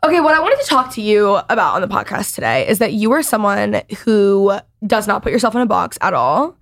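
Loud chatty Valley Girl woman. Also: mid-range voice, fairly quick. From Texas. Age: 20s. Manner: chatty, says like a lot, lively. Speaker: podcast host. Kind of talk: casual chat.

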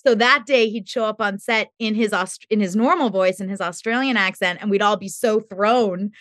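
A woman guest on a podcast interview, telling lively stories about making her show and laughing often. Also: medium pitch, normal speed, no room sound, studio quality. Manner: animated storytelling, laughs often.

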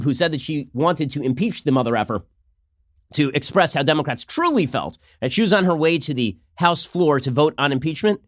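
A man hosting a political commentary show, talking fast with a sarcastic, mocking manner. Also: a little high, dry recording, clean studio sound. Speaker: host.

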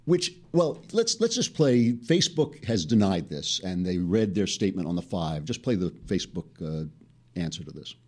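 Male show host; mocking, sarcastic comic delivery with a lively, swinging voice. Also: deep voice, moderate pace. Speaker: podcast host. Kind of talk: satirical comic monologue.

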